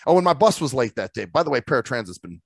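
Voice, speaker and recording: A man co-hosting a loose podcast chat, telling a gripe story with plenty of swearing and laughs. His pitch jumps around a lot as he acts out other people. The sound is dry and close, with no room echo. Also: very animated, quick pace, creaky. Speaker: podcast co-host. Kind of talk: casual chat.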